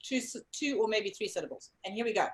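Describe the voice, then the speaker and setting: A woman's voice: medium pitch, expressive, fast, rough recording. A woman co-hosting a casual online lip-reading game, coaxing viewers to guess over a video call. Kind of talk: casual live-stream game chat.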